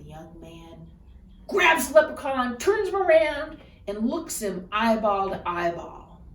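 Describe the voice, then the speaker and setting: Woman telling a folktale, slow and expressive, higher voice, echoey room. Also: recorded from a distance, slight background noise. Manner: expressive, deliberate. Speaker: storyteller. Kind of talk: folktale storytelling. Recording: roomy echo, voice off-mic.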